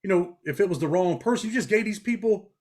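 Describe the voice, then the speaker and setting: Quick-paced and high-voiced, a middle-aged ex-prisoner from New York speaks bluntly in a casual interview, telling animated stories in street talk.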